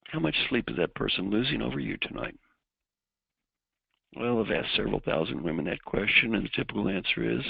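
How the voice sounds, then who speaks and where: A man with a raspy voice giving a motivational keynote talk, directly coaching the audience through exercises. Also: fairly low pitch, no echo, muffled recording. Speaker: keynote speaker.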